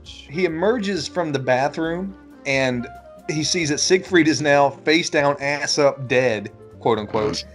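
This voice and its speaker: A man's voice: a little high, slow, faint music behind. A man co-hosting a casual beer-and-movie podcast, swearing freely and acting out scenes as he recaps them. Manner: animated, swears a lot, acts out scenes with laughs. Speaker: podcast co-host. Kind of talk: casual movie chat over beers.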